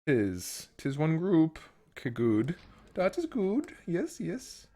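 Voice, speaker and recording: A man's voice: a little high, huge pitch swings, slow pace, dark tone, voice pushed up, full character voice. Man putting on a made-up stilted accent. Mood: pompous. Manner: stilted, formal phrasing.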